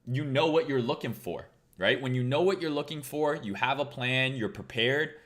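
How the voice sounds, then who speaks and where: Profane, bright-voiced male trading streamer. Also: medium pitch, moderate pace. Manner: blunt, profane, rambling. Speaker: trading livestream host. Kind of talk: casual livestream talk.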